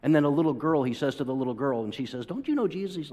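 A man's voice: medium pitch, lively intonation, fast talker, few pauses, a little mellow. A man preaching a sermon, asking rhetorical questions and acting out quoted voices with dramatic swings. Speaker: pastor. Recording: long hall reverb.

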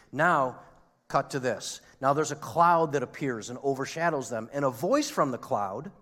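Man preaching in a reverberant hall. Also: mid-range voice. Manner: conversational preaching with rhetorical questions; swings between loud emphasis and soft hushed lines. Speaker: pastor. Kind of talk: sermon. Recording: long reverb of a large hall.

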